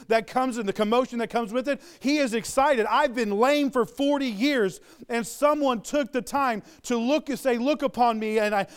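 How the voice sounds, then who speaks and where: A man's voice: high-pitched, clear, resonant tone. A man preaching a sermon, retelling a story with earnest, building emphasis.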